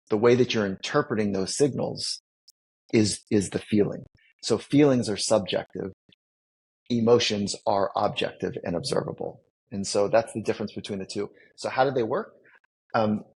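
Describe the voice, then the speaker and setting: A man's voice: on the low side, husky, low-quality recording. A man, a psychologist guest on a podcast, explaining ideas in a teacherly way and building his points with vivid everyday examples. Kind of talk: explaining concepts in a podcast interview.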